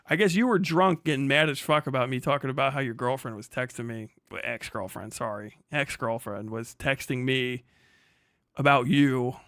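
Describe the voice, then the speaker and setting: A man's voice: mid-range voice, a bit bright, no room sound. A young man hosting his stream, telling a story in a casual, profane way and laughing often, on a close mic. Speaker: streamer host. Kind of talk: casual reaction rant.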